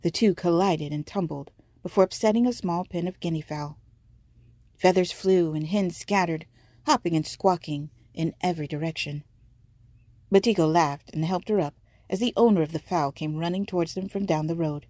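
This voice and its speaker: A woman reading a story aloud in a measured, vivid narrating manner. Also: fairly low pitch, darkish tone, no echo. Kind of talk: scripted audiobook narration.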